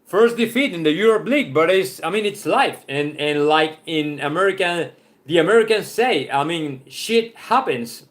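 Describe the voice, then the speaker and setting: Brief Spanish-accented man, football host, slightly higher voice, casual stream chat full of "right?" and "I mean". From Spain. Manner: chatty, loose, often restarts with "right?" and "I mean".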